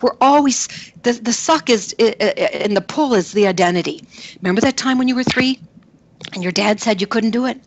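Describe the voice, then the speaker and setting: Animated woman telling coaching stories. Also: on the high side, a little fast, muffled recording. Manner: animated, acts out quotes with shifting voices; repetitive, emphatic storytelling. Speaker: film producer and coach. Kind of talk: conversational storytelling interview.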